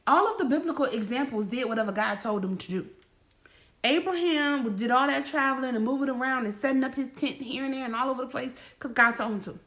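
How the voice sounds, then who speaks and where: A woman's voice: high-pitched, fairly bright tone. A woman giving a casual faith-coaching talk, bold and playful, acting out little dialogues.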